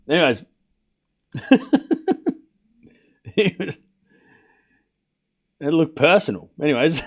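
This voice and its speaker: A man hosting a live tennis watchalong stream, chatting casually and laughing often, then calling points in a quieter play-by-play. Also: medium pitch.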